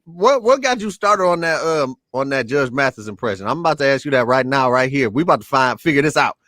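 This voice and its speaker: Relaxed podcast host, dry close sound. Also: male voice, mid-range voice, fairly quick, no echo. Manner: relaxed, conversational, laughs easily. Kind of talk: casual podcast interview.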